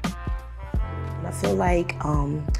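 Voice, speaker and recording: Woman, documentary interviewee, upbeat and laughing, low-pitched, music underneath. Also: drawn-out words, gravelly. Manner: excited, laughs often. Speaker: program participant in a video.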